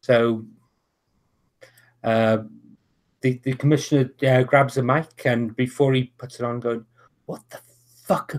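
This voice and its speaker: A man's voice: medium pitch, little pitch movement. A man running a tabletop wrestling game as game master, narrating with many restarts and fillers over an online call. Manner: halting, full of restarts and "uh". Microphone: online video call.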